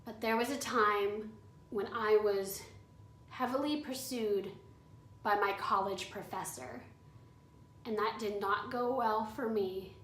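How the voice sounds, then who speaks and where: With a mid-range, slightly bright voice, a twentysomething woman tells a storytime vlog slowly, pausing often. She's candid and chatty, leaning hard on "like." She's recorded away from the mic, so the room sounds echoey.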